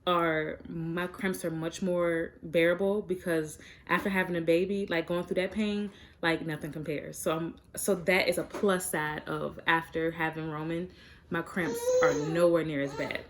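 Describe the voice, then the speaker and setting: A woman's voice: lowish voice, steady tone, normal speed, slight background noise. A young woman talking frankly and chattily to her viewers in a casual vlog, with plenty of fillers. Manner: chatty and direct, many fillers. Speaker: vlogger. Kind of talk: frank casual chat to camera.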